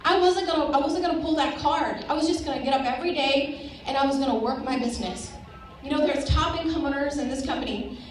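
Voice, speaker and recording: A woman's voice: high-pitched, fast talker, noisy background. A woman, giving an emphatic motivational speech to a crowd at a sales event. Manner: rallying, emphatic, addresses crowd directly. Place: large event hall. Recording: echoey hall recorded from far off.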